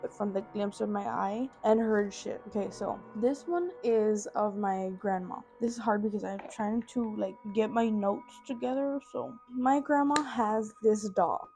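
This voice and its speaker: A woman's voice: medium pitch, a little slow, hardly any pauses, mellow, soft background music. Young female vlogger, casual storyteller, swears a lot, filler-heavy, phone mic at home. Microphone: phone camera.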